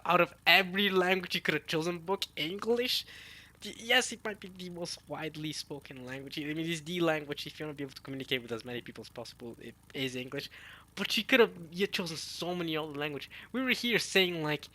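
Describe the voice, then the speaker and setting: Bright-voiced man chatting casually. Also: a little high, fast. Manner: chatty, addresses viewers as y'all, muses aloud. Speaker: manga chapter reaction host. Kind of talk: casual reading and reaction chat.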